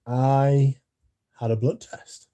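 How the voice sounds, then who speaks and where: A man's voice: medium pitch, little pitch movement, slow pace, mellow, no room sound, clean studio sound. A man hosting a casual livestream, sleepy and yawning, rambling and swearing as he chats to his viewers. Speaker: livestream host.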